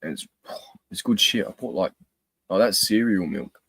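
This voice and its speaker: Sweary young Australian man, very low voice. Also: moderate pace, gravelly, a bit bright, breathy edge, dry recording. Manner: laid-back, sweary, laughs a lot. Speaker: livestream host. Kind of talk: casual live-stream chat.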